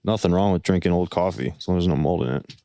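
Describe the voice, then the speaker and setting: A man's voice: sits low, warm tone, no room sound. A man co-hosting a podcast, chatting casually and rambling through his points with lots of fillers. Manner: rambling, filler-heavy, drawn-out explaining. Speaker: podcast co-host. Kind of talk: casual chat.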